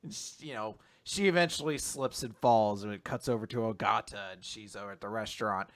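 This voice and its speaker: A man hosting a podcast, recapping comic chapters in loose, animated casual chat with lots of fillers and the odd swear word. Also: on the low side. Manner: loose, animated retelling with quick voices. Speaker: podcast host.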